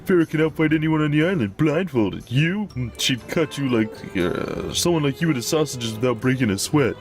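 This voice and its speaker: A man doing a gruff ogre-voiced bandit. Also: medium pitch, expressive, moderate pace, soft background music, close to an everyday voice. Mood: surly. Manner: coarse ogre-like voice, bad grammar. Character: gruff male bandit captive, surly and dim.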